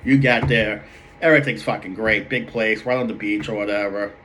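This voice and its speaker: A man's voice: lowish voice, steady tone, a little fast, a bit bright, a little hiss or hum. Rambling, profane man with a Boston accent. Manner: profane, rambling barroom storytelling. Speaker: comedic storyteller. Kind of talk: character monologue.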